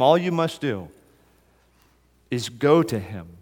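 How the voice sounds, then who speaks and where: A male pastor delivering a sermon at a mid pitch. His delivery moves between quiet, slowed passages and loud, rising appeals to the listener. The voice carries the long reverb of a large hall. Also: big pitch swings. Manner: swings from soft and slow to loud and rising in appeals.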